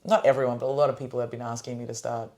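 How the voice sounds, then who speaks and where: A young woman hosting a podcast, chatting casually about comedy shows with lots of fillers and restarts, in a smooth phone-style voice. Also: extremely low pitch, level tone, rapid-fire, a little mellow. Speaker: podcast host and comedy showcase producer. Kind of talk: casual chat.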